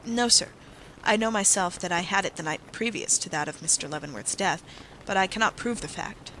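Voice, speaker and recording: Narrator doing bitter victorian male secretary, solemn, intense, bright forceful tone, faint noise. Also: mid-range voice, brisk, close to an everyday voice, rough recording. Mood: guarded. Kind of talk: audiobook character reading.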